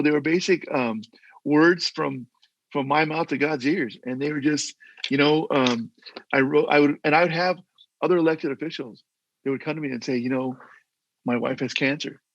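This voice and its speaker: A man's voice: fairly high pitch, normal speed, dry recording, muffled recording. An older man and former mayor, a guest telling stories in a casual interview, earnest and rambling with many restarts, heard over a video call.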